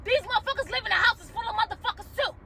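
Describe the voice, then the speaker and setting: A woman's voice: very high voice, very fast, gravelly, over a noisy crowd, heavy background noise. A woman giving an emotional, profane rant to camera from a car, heated and close to tears. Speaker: commentator reacting to a viral video.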